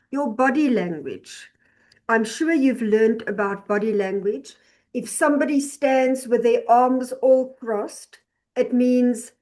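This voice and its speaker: A woman with a fairly high voice teaches an online class over a video call. She talks slowly and deliberately, explaining each point and often repeating or restarting her phrases.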